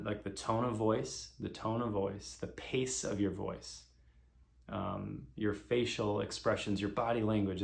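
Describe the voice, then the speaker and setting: A man in his thirties talks through relationship advice in a calm, earnest monologue. His voice sits low with a gravelly texture. The room around him is noticeably echoey. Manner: calm, earnest, slow and deliberate. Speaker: speaker sharing relationship advice. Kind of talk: reflective monologue.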